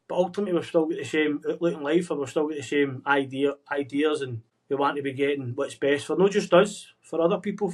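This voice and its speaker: Over a video call spanning the world, an earnest podcast guest talks fast in a slightly raised, high-leaning voice, pushing out encouragement. He keeps calling the listener "mate," and it feels like a motivational pep talk between old friends in casual chat.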